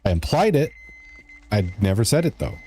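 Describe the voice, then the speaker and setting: A man's voice: lowish voice, very animated, moderate pace, a little mellow, breathy edge. A man streaming a video game live, chatting casually and joking in a rambling way as he answers his chat.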